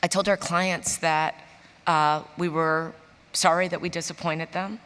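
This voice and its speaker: A lower-pitched woman from Chicago tells her stories on a conference stage. She gets animated and acts out the people she quotes. Her voice carries the long reverb of a big hall. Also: measured pace, clear, resonant tone. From Chicago, USA. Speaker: interview guest, business executive. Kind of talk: storytelling in a stage interview.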